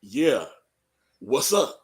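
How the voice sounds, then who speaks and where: A man's voice: medium pitch, sing-song, drawn-out words. A man co-hosting a casual live reaction chat, rambling and joking with frequent laughs. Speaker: podcast co-host.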